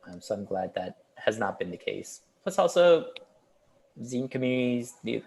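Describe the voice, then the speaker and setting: A man, a festival organizer, chatting casually on a video call with a relaxed, rambling manner and frequent laughs. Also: mid-range voice, normal speed, gravelly.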